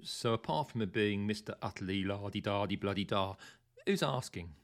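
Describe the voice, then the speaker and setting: A scornful, gruff middle-aged man who mocks everyone he speaks to, voiced by a male storyteller. His voice sits low and gravelly, and he speaks with sardonic bite. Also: normal speed, lightly acted. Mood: sneering. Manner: gruff and mocking.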